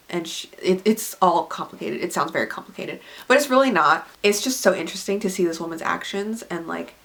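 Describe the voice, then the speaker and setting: A woman in her twenties recommending books in a casual vlog, chatty and gushing, filling her talk with "like". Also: on the low side. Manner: chatty and gushing, heavy use of "like" fillers. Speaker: book reviewer.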